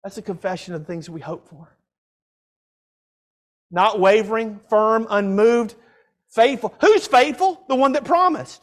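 An older man preaching a sermon, asking rhetorical questions and swinging from loud cries to hushed tones. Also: extremely high pitch.

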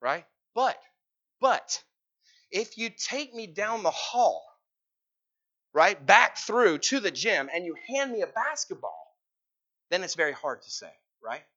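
A man's voice: high-pitched, big pitch swings, slow pace, pauses often, sharp tone, highs cut off. A man preaching a sermon in a conversational way, teasing the congregation with questions. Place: church hall.

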